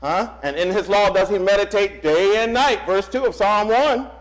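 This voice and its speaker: A man preaching a sermon to his church, animated, stopping the reader to repeat and stress phrases. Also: high voice, moderate pace, low-quality recording.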